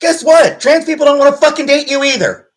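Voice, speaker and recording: A woman's voice: high-pitched, lively intonation, brisk, low-quality recording. A woman livestreamer ranting angrily and profanely to her chat, with an exasperated, mocking edge. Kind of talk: live-stream rant.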